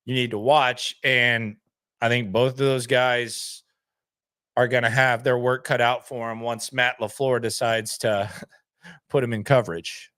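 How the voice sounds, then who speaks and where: A man hosts a sports channel in a casual, unscripted talk, answering viewers with blunt skepticism. His voice sits at an ordinary middle pitch, and he keeps restarting his sentences. The recording is dry, with no room echo. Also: level tone, unhurried, fairly bright tone. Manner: blunt, skeptical, repeats himself, frequent restarts.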